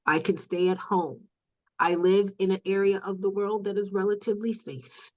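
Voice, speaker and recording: Woman, podcast guest, earnest, reflective, candid chat, mid-pitched voice. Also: normal speed, poor audio. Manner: earnest and reflective, getting animated at points.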